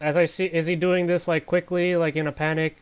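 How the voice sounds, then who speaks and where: A man playing a tabletop game, asking quick, inquisitive questions. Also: a little high, level tone, smooth. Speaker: player.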